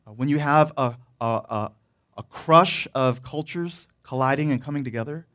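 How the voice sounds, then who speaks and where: A man's voice: mid-range voice, moderate pace, fairly bright tone. A man preaching a sermon, telling a personal story with laughing asides and frequent restarts. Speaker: pastor.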